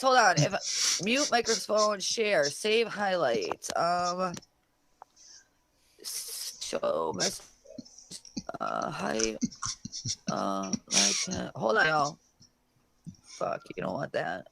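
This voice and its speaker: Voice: medium pitch, wildly swooping pitch, slow, gravelly, pauses often, sharp tone, a little hiss or hum. Profane, combative livestream host. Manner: talks back to chat comments directly. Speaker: livestream host reading chat. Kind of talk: casual solo livestream chat.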